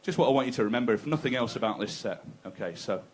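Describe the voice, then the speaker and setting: A man's voice: mid-range voice, lively intonation, fast. A man doing a crude, conversational stand-up set, teasing the crowd. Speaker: stand-up comedian. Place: comedy club stage.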